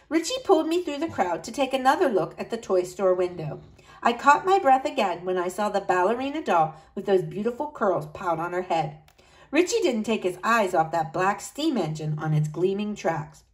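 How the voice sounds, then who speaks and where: A woman reading a children's Christmas story aloud, with lively delivery and high excited lines for the children. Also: poor audio. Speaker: storybook narrator. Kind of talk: storybook read-aloud narration.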